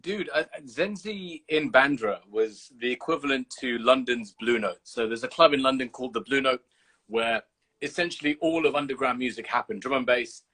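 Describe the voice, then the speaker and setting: A man hosting a casual livestream chat from the UK, telling animated stories and swearing freely. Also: medium pitch, moderate pace, slightly rough. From United Kingdom. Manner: animated storyteller, swears freely, acts out scenes. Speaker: host. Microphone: video call.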